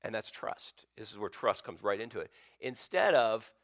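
Male pastor, low register, dry close-miked sermon; storytelling, with swings from loud bursts to near-whispers. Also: fairly even intonation, brisk, dry recording.

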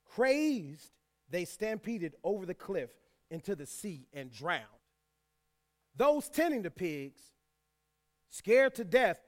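A man preaching a sermon, reading scripture aloud and repeating key lines for emphasis, with folksy asides to the congregation. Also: high-pitched. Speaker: pastor.

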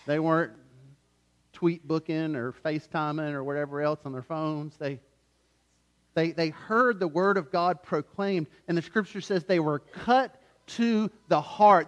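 A man preaching a sermon as pastor, swinging from loud urgency to hushed softness and telling stories in a conversational way with frequent restarts. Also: fairly high pitch, measured pace. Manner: conversational storytelling with repeated restarts.

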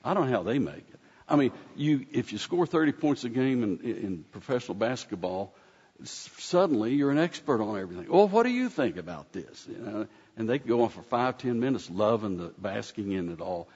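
Animated and brisk, a man with a fairly low, darkish voice and a breathy edge preaches a conversational sermon in a folksy, rambling manner, often starting sentences over. Long hall reverb fills the dull-sounding recording.

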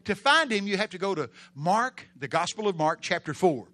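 Bright, dramatic male preacher. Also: sits high, sing-song, normal speed, few pauses. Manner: dramatic, shifts between loud exclamations and hushed storytelling; call-and-response with congregation. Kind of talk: sermon.

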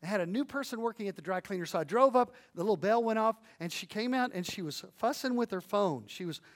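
A man preaching a sermon, earnest and animated, swinging between hushed and loud, with folksy storytelling and asides to the audience. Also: high voice, fast talker. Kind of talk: sermon on evangelism.

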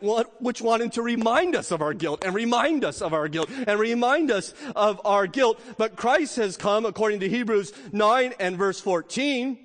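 A middle-aged man preaching a sermon as pastor, swinging from emphatic peaks to quiet, light asides. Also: sits high. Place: church sanctuary. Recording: long reverb of a church hall.

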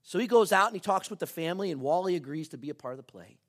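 A man preaching a sermon as pastor, telling a story with lively ups and downs and soft, earnest appeals. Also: high voice, very fast.

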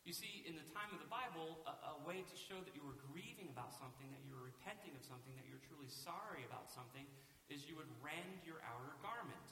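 A man's voice: a little high, expressive, fast, bright, forceful tone. A man preaching a sermon as pastor, in a conversational style with rhetorical questions, in a church sanctuary. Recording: echoey hall, far from mic, faint hiss.

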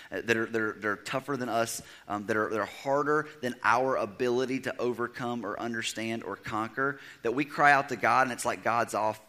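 Bright-voiced preacher, loud then hushed. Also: male voice, mid-range voice. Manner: swings from loud emphatic to hushed near-whisper. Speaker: pastor. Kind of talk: sermon.

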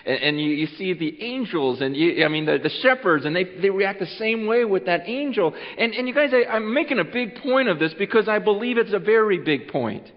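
A man preaching an earnest Christmas Eve sermon. He repeats words as he goes and swings between loud urging and a hushed voice. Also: high voice, expressive, brisk, hardly any pauses. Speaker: pastor. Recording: muffled sound with long hall reverb.

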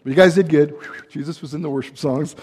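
A man's voice: a little high, fast, mellow, slightly rough. A middle-aged man preaching a sermon as pastor, in a loose conversational way with asides and restarts. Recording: long hall reverb.

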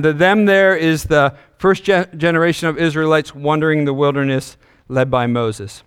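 A man's voice: on the high side, fairly even intonation, moderate pace, clean tone, long reverb tail. A male pastor preaching a sermon, asking the congregation questions, a little out of breath. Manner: engaging, asks the congregation questions.

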